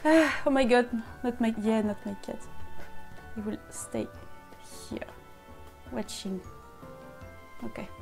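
A French woman with a French accent chatting excitedly to herself during a casual live stream, slipping between English and French. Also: on the high side, slow pace, creaky, long pauses, over music. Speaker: costume maker streaming live. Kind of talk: casual live-stream chat while unboxing.

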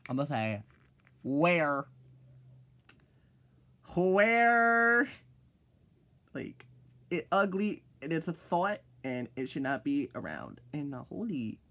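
A teenage boy rambling through a casual vlog, full of "like" and "freaking", swearing freely and jumping into loud, high exclaims when he mocks something. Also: very animated, unhurried, creaky. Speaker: vlogger.

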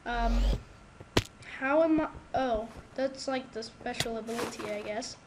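A high-pitched woman talks through her gameplay at an unhurried pace, excitable and quick to loudly protest when she loses. Her voice comes through a home microphone with a clear background hiss. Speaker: gamer. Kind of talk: casual gameplay commentary. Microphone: new desktop microphone.

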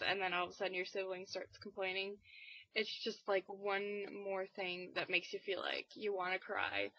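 A teenage girl in a casual weekly vlog, talking in a rambling, low-key way with lots of fillers. She sounds tired and a bit under the weather. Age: teens. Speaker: vlogger. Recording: dull, dry lo-fi webcam audio.

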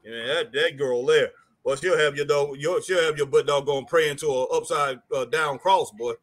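A man co-hosting a live stream in casual chat, excitable and chuckling, ending lines with "man" and "boy". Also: fairly high pitch, moderate pace. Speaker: co-host of a wrestling live stream.

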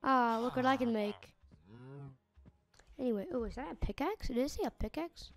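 A woman giving casual gameplay commentary, chatting as she plays and yelling at the in-game animals and villagers. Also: on the high side, normal speed. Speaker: gamer.

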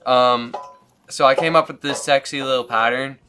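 A man giving a casual fly-tying demonstration in an easygoing way, laughing often and pausing with ums. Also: mid-range voice, steady tone, noisy background. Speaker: fly tier demonstrating a pattern.

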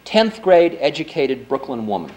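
A man's voice: medium pitch, sing-song, normal speed, darkish tone, a little hiss or hum, low-quality recording. Man telling a story at a lecture. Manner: loose, conversational, full of "you know" and "I mean". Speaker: spiritual teacher giving a lecture. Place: lecture before an audience.

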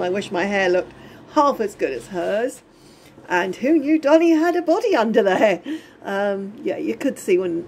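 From her home in Spain during lockdown, a middle-aged woman records a rambling, chatty video diary and often dissolves into giggles. Her mid-range voice is creaky and a little mellow, with a little hiss or hum in the audio.

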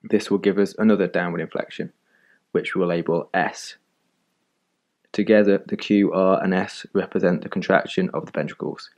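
A man narrating a scripted medical lesson in calm, measured explanations. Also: deep voice.

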